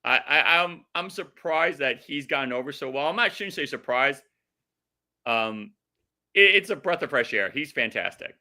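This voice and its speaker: A man with a very bright, tense voice, talking as a guest in a casual podcast chat. He hesitates and restarts often, then lands his points with force. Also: medium pitch, lively intonation. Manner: halting, restarts a lot, then emphatic.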